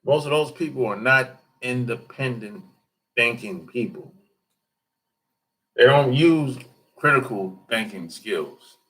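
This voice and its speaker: A man hosting a laid-back livestream talks slowly and loosely, joking and answering his viewers. His voice is bright and forceful, swinging widely in pitch as he goes. He often mimics how other people talk. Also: lively intonation. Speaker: livestream host reading chat. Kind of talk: casual livestream chat.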